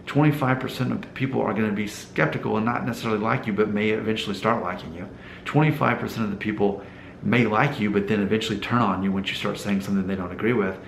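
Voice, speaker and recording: A man's voice: on the low side, fairly even intonation, quick pace, gravelly, reverberant, slight background noise, rough recording. A man from Alabama with a mild Southern accent, talking casually to camera in a rambling vlog and asking his viewers rhetorical questions. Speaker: hair loss YouTuber.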